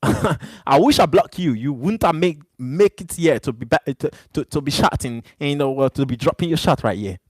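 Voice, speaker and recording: A man's voice: on the high side, lively intonation, moderate pace, few pauses, a little mellow, husky, no echo. A man hosting a live stream, arguing back at chat viewers in a heated, repetitive way, English not his first language. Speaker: livestream host.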